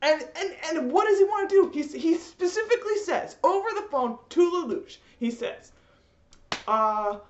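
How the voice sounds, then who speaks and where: A young woman with a high, lively voice rants in an exasperated, animated way and laughs often. The sound is slightly dull, and the room around her is echoey. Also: normal speed, slight background noise. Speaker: vlogger. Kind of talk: ranting vlog.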